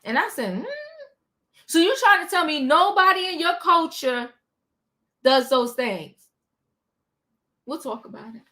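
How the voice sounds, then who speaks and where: A woman hosting a livestream, recapping a reality show in sassy, animated casual chat. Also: high voice, measured pace, pauses often. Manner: animated, sassy, talks back to the people she recaps.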